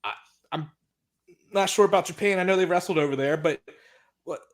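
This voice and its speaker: Speaking briskly in a high voice, a man co-hosts a wrestling podcast, recapping an old episode casually in a blunt, exasperated and often profane way.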